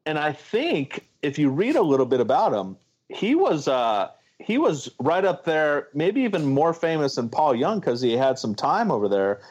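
A man's voice: a little high, sing-song, normal speed, a little mellow, husky, highs cut off. A man co-hosting a comedy podcast, telling a rambling story in casual chat and pushing to make his point. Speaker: podcast co-host.

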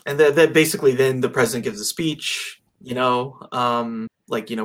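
A man's voice: mid-range voice, fairly even intonation, a little fast, hardly any pauses. A man in casual conversation about a film, rambling with lots of fillers and restarts. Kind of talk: casual movie discussion.

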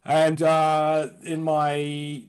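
A comedian from London with an American-tinged accent, joking and rambling in a casual interview. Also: male voice, on the high side, completely flat delivery, extremely slow, smooth. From London, England. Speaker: comedian guest.

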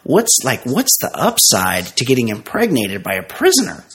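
A man's voice: mid-range voice, wildly swooping pitch, normal speed, fairly bright tone. A man co-hosting a comedy podcast, reading a news story aloud with laughs and bantering casually. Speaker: podcast co-host.

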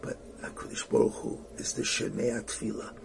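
A man telling an inspirational religious story, animated, swinging between hushed and loud emphasis. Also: mid-range voice, fairly quick, gravelly, a little hiss or hum.

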